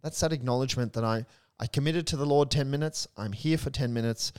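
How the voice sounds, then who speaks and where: A young adult male priest in casual faith discussion, earnest and animated, telling stories with a touch of humor. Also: medium pitch, fast, clear, resonant tone. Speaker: Catholic priest, co-host.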